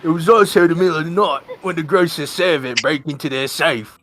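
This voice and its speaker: A man's voice: a little high, brisk, a bit bright, slight background noise, lightly acted. A man voicing a sly, courtly young man who speaks in honeyed, teasing formal phrases, in an amateur game read-through.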